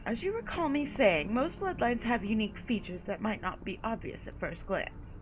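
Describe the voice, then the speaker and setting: A woman's voice: a little high, sing-song, moderate pace, slight background noise, rough recording. A woman voicing a haughty vampire sire. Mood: condescending. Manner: condescending, drawling endearments. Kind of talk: reading game dialogue aloud.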